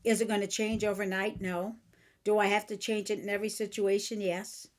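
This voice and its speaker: A woman's voice: medium pitch, flat delivery, brisk. A woman hosting a podcast, talking frankly and earnestly about changing your own behavior. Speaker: podcast host and author. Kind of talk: motivational self-help talk.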